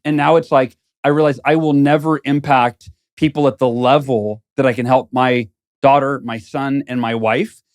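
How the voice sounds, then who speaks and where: Brief: earnest male guest, reflective and thinking aloud, mid-pitched, studio interview. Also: fairly even intonation, normal speed. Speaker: guest author. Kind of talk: casual interview conversation.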